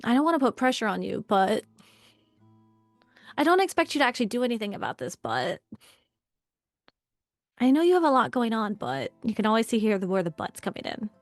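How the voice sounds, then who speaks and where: A woman's voice: on the high side, fairly quick, long pauses, no room sound, studio quality, faint music behind. A woman leading a live online workshop in a casual, chatty way, acting out quoted lines in playful voices. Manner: animated, acts out quoted dialogue in voices; casual, conversational, chatty asides. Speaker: workshop leader.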